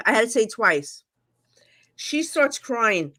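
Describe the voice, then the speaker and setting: Woman, psychic medium guest, bright voice, fairly high, animated storyteller, acts out dialogue. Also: moderate pace. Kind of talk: storytelling in a casual interview.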